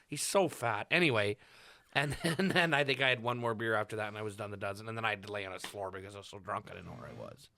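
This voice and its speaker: Bright-voiced profane storytelling man. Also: fairly low pitch, fast talker, gravelly, no echo. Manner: profane, loud when mimicking a friend. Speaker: podcast co-host. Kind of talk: casual storytelling chat.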